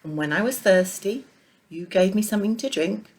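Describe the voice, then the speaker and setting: A woman playing a gentle storybook king. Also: mid-range voice, lively intonation, moderate pace, voice pushed up, close to an everyday voice. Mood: kind. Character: kind, fair storybook king.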